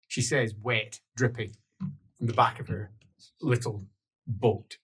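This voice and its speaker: A man narrating a tabletop role-playing game as game master, in an animated way with laughs and sound effects. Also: fairly low pitch, slow pace, long pauses, slightly rough.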